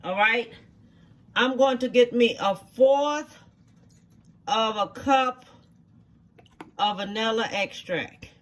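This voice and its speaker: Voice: mid-range voice, a bit bright. A home cook, giving a cooking demonstration in a kitchen, repeating each step and checking in with "okay?" along the way. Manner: slow, repetitive instructions, checking in with "okay?".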